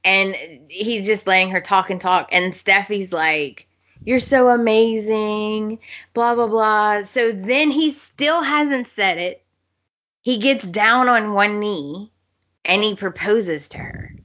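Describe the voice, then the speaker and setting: Lady podcast cohost, slow easy talk, bright tone, laughs a lot retelling soap scenes. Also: mid-range voice. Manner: animated storytelling, laughs often, acts out characters' lines. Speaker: podcast co-host. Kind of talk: casual soap opera recap chat.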